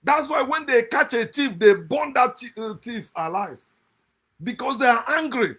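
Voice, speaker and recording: A man giving a passionate, mocking monologue on scripture, swinging from loud outbursts to low muttered asides. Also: expressive, moderate pace, husky. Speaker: online speaker critiquing scripture.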